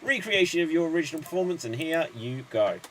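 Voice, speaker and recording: A man hosting an online improv show, briskly announcing games and rattling off long chains of names. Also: fairly high pitch, lively intonation, a bit bright.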